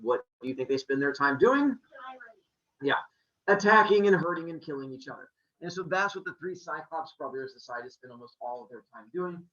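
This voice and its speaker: A man tells an old myth as a casual, joking story, his voice swooping and animated. His tone is bright and forceful. The recording sounds dull and lo-fi. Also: fairly high pitch, fairly quick, echoey room. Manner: jokey, playful, full of sound effects. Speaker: podcast storyteller.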